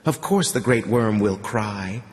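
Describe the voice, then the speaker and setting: A man voicing a derisive old male cult priest who speaks slowly and mockingly in an audiobook. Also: lowish voice, sing-song, long reverb tail. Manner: mocking, slow and scornful.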